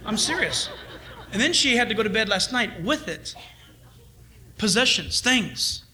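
A middle-aged man preaching a sermon, swinging between loud urging and hushed asides. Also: high-pitched, sing-song, measured pace. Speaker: pastor.

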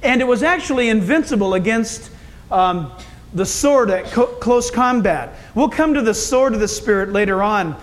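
High-voiced folksy male preacher. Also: lively intonation, moderate pace. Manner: folksy, conversational preaching with asides to the congregation. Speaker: pastor. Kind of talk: sermon.

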